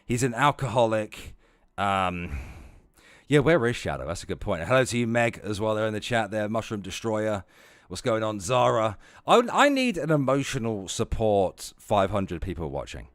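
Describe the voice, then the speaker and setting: A man chatting casually on a livestream, profane and rambling, jumping between loud outbursts and low muttering. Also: sing-song, normal speed, no room sound, studio quality.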